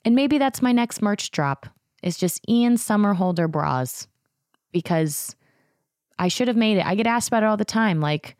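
A woman in her thirties hosting a podcast, telling a story in a chatty, animated way with lots of fillers and acted-out quotes. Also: mid-range voice, moderate pace, dry recording, studio quality. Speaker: podcast host. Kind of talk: casual storytelling chat.

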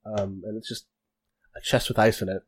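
Halting man running a tabletop game. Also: fairly low pitch, little pitch movement, breathy edge. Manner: halting, many fillers and restarts. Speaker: game master.

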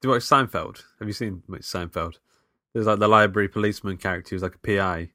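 A man's voice: on the low side, fast talker, pushed and bright, dry recording, studio quality. A man co-hosting a podcast, chatting hesitantly about a film and laughing often. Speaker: podcast co-host. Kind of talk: casual film chat.

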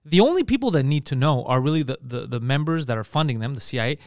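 In a casual podcast conversation, a male co-host spins lively stories, swearing freely and performing the quotes in different voices. He speaks quickly in a mid-range voice, and the studio recording is clean, with no room sound.

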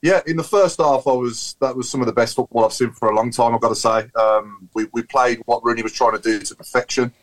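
A man's voice: medium pitch, steady tone, a little fast, hardly any pauses, poor audio. A man on a video call giving his views in a casual football chat podcast, rambling and opinionated. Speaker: podcast panelist.

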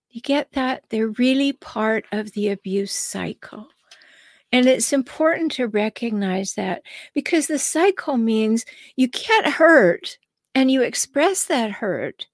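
A woman's voice: on the high side, no room sound, studio quality. A woman relationship coach hosting her own show, talking straight to the listener and often asking rhetorical questions. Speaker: relationship coach and podcast host. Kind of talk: solo advice monologue.

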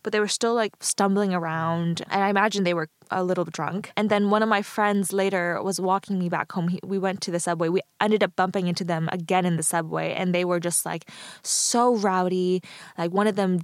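A woman's voice: fairly low pitch, fairly even intonation, brisk, no echo, studio quality. A young woman answering interview questions, telling a story in a casual, filler-heavy way. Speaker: interview guest. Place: living in Stockholm.

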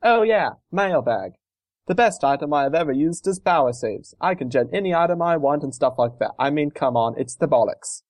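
A man's voice: fairly high pitch, expressive, normal speed, no echo, natural voice. A man with a put-on English accent reading a fan letter as a cheeky young lad, chirpy and slangy. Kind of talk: reading a listener letter aloud.

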